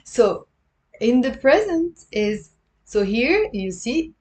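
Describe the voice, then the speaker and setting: A woman teaching a live-streamed language lesson, patiently repeating words slowly for her learners. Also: a little high, very animated, a little mellow. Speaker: Lebanese Arabic teacher. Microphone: livestream camera mic.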